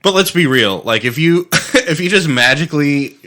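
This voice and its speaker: Man, podcast co-host, bright tone, lively pitch, profane, rambling, laughing. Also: normal speed. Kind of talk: casual chat over drinks.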